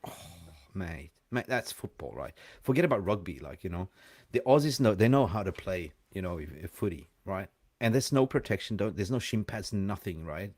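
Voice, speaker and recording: A man hosting a live call-in show, chatting casually and rambling, quick to laugh. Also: low-pitched, expressive, a little mellow, no echo.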